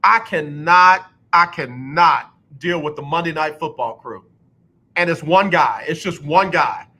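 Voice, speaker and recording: A man on sports talk radio with a bright, forceful voice that sits a little high for a man. He rants bluntly and hammers his points by saying them again and again. Now and then he drops into a mocking announcer impression. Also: unhurried. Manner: blunt, ranting, repeats himself for emphasis; mocks others with exaggerated announcer impressions. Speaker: radio show host. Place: radio studio.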